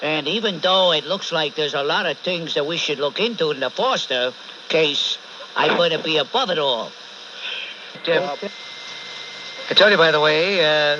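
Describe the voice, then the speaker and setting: A man hosting a call-in radio show, blunt and sarcastic, berating and cutting off callers, with a New York accent. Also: a little high. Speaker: talk radio host. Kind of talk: combative call-in radio talk. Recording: dull AM radio broadcast with faint hiss.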